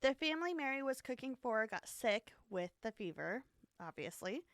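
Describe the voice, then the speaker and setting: A woman's voice: on the high side, very animated, moderate pace, clean tone, no echo, studio quality. A woman hosting a podcast, telling a story in a casual, rambling way, with many fillers and giggles.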